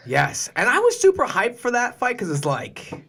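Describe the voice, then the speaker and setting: A man's voice: very high voice, wildly swooping pitch, normal speed, gravelly, a bit bright, husky. A man hosting a podcast, interviewing a guest in a playful, joking way. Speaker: podcast host.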